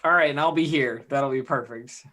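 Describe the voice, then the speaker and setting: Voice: mid-range voice, a little fast, sharp tone. A player in a tabletop game, chatting casually and joking.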